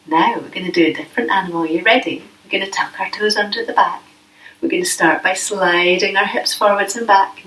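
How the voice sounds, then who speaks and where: A woman leading a yoga class for children, speaking gently and playfully with coaxing questions. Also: medium pitch. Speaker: yoga teacher. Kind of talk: guided kids' yoga class. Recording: echoey room, voice from a distance.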